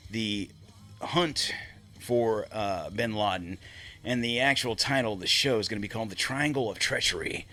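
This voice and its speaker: Bright-voiced man ranting profanely on his podcast. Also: medium pitch. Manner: profane, rambling, off-the-cuff. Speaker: podcast host. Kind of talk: solo podcast monologue. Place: home studio.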